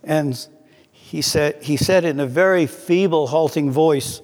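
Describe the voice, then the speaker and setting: A man preaching a sermon in an earnest way, slowing down to read scripture aloud. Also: a little high, a little mellow, long reverb tail.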